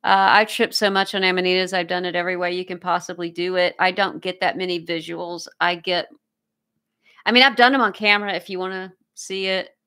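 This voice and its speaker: A woman's voice: fairly low pitch, steady tone, brisk, pushed and bright, smooth. A woman hosting a casual livestream, reading viewer comments aloud and thanking people effusively. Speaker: livestream host.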